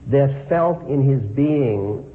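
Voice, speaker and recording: A man's voice: mid-range voice, expressive, slow. A man reading a story aloud, then reflecting on it as a spiritual teacher and questioning his listeners. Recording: phone-like line with faint noise.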